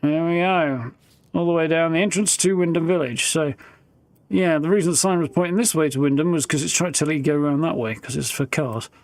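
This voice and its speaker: A man's voice: fairly high pitch, brisk. A man giving casual, wry commentary while live-streaming a video game. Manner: wry, chatty, self-mocking.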